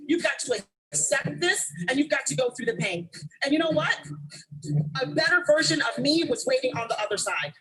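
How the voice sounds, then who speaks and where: A woman's voice: sits high, pushed and bright, rough recording. A woman giving a motivational stage speech, talking emphatically and directly to the audience. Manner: emphatic, direct address to the crowd. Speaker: motivational speaker.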